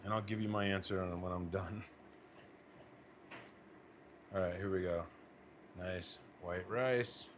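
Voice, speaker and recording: A young American man with a low-pitched voice speaks in a steady tone at a moderate pace, a faint hiss or hum behind him. He's a cooking vlogger plating food in his home kitchen, chatting casually with his partner and his viewers in a relaxed vlog.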